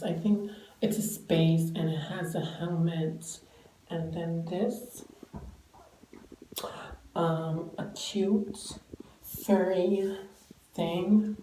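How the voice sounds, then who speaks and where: A man's voice: sits high, mellow. A young man vlogging in a playful, cursing way, often dropping into whispered asides. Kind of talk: casual vlog chat. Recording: echoey room with background noise.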